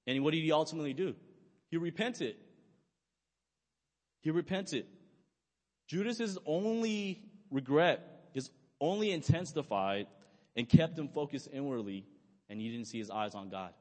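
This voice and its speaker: A young male pastor preaches in a loose, conversational way, asking his listeners questions as he talks. His voice sits a little higher than most men's. A long reverb hangs behind him, as in a church hall. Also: expressive, moderate pace, darkish tone. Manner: conversational, asks the audience questions. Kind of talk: sermon.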